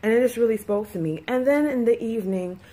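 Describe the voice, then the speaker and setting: A woman's voice: fairly high pitch, fast, dark tone. A woman talks straight to her audience in a candid, unpolished vlog. She rambles, restarts her sentences and fills the gaps with ums. Emotion sits close to the surface, and she sounds near tears. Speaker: vlogger. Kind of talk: casual personal vlog talk.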